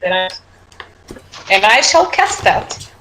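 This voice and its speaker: A woman's voice: medium pitch, big pitch swings, takes it slowly. Woman player on a noisy voice chat. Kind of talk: tabletop role-play over voice chat. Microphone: online voice call.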